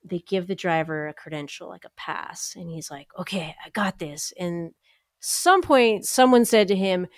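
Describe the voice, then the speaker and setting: A woman with a fairly low voice recounts a story in loose, casual podcast chat. She is animated, peppers everything with "like," and acts out the people she quotes. The sound is dry and close to the mic. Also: moderate pace, dry recording. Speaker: podcast co-host.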